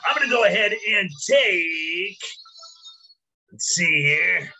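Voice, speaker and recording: Bright high-voiced man hamming it up. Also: animated, slow, soft background music. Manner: loud, hammy announcer bursts. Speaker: podcast co-host. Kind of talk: casual joking banter.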